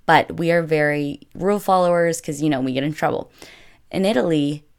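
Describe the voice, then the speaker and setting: A young woman with a notably low-pitched voice recounts a travel mishap for her vlog. She talks casually and chattily, leaning on "like" in nearly every sentence. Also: a little fast, a little mellow. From United States. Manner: chatty, filler-heavy with constant "like". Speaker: vlogger. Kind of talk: casual storytelling.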